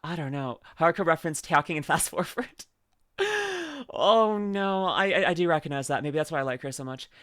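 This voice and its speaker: Giggly, animated woman streamer. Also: low-pitched, dry recording, clean studio sound. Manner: giggly, rambling, reads chat aloud. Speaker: streamer reacting to a video. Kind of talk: casual live-stream reaction commentary.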